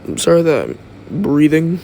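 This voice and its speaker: A man's voice: on the high side, sing-song, moderate pace, vocal fry, noisy background. A young man casually making up a fan-fiction story as he goes, rambling and thinking aloud, recorded on his phone.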